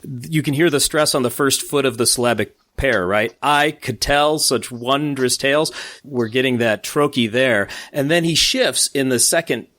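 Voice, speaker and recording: A man's voice: mid-range voice, moderate pace, few pauses, fairly bright tone, no room sound, clean studio sound. A man co-hosting a music podcast, talking enthusiastically and a bit nerdily, poking fun at himself with small laughs. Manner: enthusiastic, nerdy, self-deprecating, breaks into little laughs. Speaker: podcast co-host. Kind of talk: casual music discussion.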